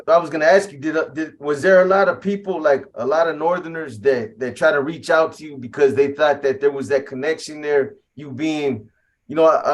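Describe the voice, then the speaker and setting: Casual host with circling questions. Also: male voice, on the high side. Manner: long, circling questions with restarts. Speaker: interview host. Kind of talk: casual interview.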